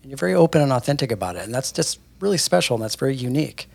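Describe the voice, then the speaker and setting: A man's voice: mid-range voice, big pitch swings, very fast, gravelly, a little mellow, slightly rough, no room sound. A man co-hosting a casual podcast, speaking in an admiring, reflective way. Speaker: podcast co-host.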